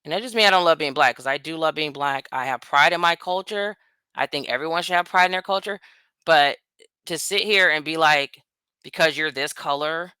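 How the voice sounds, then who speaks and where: An American woman vlogger speaks directly to her viewers, delivering a blunt, profane, rambling political rant full of quick asides. Her voice is low, pushed and bright, with a clean tone and no room sound.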